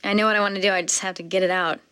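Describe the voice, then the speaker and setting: A woman's voice: mid-range voice, fairly even intonation, very fast, pushed and bright, slight background noise. A woman voice actor recording game dialogue, cursing and laughing at herself when she flubs. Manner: self-mocking, laughing at her mistakes.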